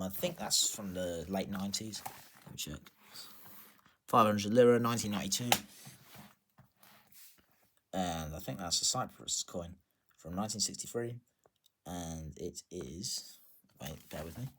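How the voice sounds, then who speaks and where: A man casually showing his coin collection, chatty and self-deprecating, pausing to check dates. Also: sits low, fairly bright tone, a little hiss or hum. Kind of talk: casual show-and-tell narration.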